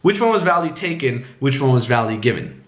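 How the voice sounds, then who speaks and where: A man coaching in casual talk, animated, swearing freely and acting out different tones with high squeaky swoops. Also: brisk. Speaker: dating coach.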